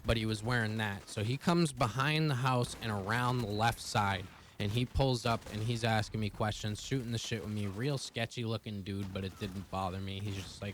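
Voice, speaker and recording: A man's voice: fairly low pitch, fairly even intonation, slight background noise. A young man telling a personal story to his viewers in a casual, profane, rambling way. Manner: profane, fast-rambling retelling. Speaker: vlogger.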